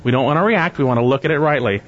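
A man's voice: medium pitch, racing, lo-fi sound. Earnest preacher man in a reverberant hall. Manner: earnest, teaching with rhetorical questions. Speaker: pastor. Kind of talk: expository sermon.

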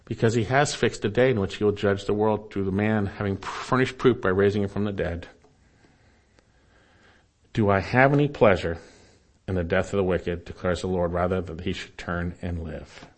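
A man preaching an expository sermon, earnest and exhorting, speaking straight to the listener as a friend and swinging between emphatic and hushed lines. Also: low-pitched, steady tone, normal speed. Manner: addresses the listener directly as "my friend".

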